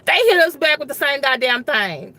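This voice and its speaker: Her voice is high and sing-song, pushed and bright, recorded dry at a normal pace. This woman teaches history and government and speaks straight to her audience about politics in a loose, exasperated, rambling style, frequently dropping "y'all."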